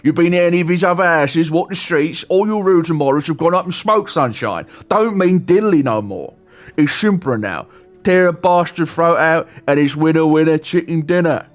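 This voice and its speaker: A man voicing a menacing male survivor leader in a video game, with a Cockney accent and a loud, swaggering delivery. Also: fairly high pitch, moderate pace, faint music behind, pitched above the performer's own voice, close to an everyday voice.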